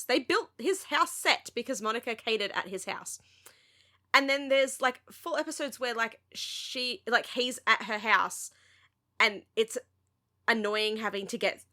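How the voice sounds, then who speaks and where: A woman, co-hosting a podcast and chatting casually in an animated, sweary rant full of "like". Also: on the high side, moderate pace. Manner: animated, sweary ranting with lots of "like". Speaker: podcast co-host. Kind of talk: casual chat.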